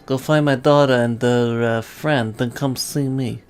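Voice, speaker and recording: A woman voicing a gruff, menacing middle-aged male mob boss in a video game, with slangy tough-guy talk and drawling pauses. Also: extremely low pitch, fairly even intonation, darkish tone, a little hiss or hum.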